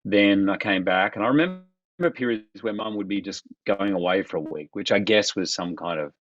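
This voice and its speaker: A man's voice: low-pitched, a little fast, no room sound, highs cut off. Man telling a story, dry. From Australia. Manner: animated, acts out quoted voices of others. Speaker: guest. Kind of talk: reflective storytelling in conversation.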